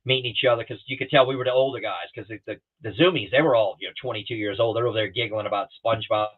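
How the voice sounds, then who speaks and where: Speaking rapid-fire in a lowish voice with fairly even intonation, this middle-aged guest pilot shares stories casually and voices other people's lines. He comes through a video call with tinny, phone-like sound.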